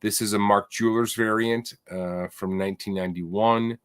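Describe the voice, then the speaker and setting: A man with a lowish voice chats casually about comic book prices, relaxed and hesitant, with plenty of "um"s. The sound is dry and close, with no room echo. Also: moderate pace, few pauses, clean tone. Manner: relaxed, hesitant, many fillers. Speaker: co-host.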